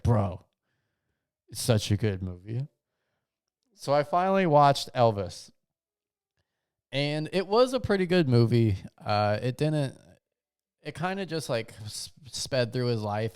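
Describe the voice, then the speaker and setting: A man's voice: on the low side, darkish tone, clean tone. A young man hosting his own show, rambling through a casual comedic rant full of slang, restarts and trailing thoughts. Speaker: podcast host.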